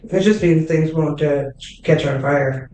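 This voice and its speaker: Slow-talking woman game master, echoey room. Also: deep voice, mellow, far from the mic, a little hiss or hum. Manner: casual, lots of fillers, swears freely. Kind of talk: narrating a tabletop game.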